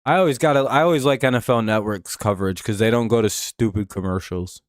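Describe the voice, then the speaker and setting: A man's voice: lowish voice, fast, no echo. A man hosting a live stream, giving laid-back, dry play-by-play and chatting with viewers. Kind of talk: casual game-watching commentary.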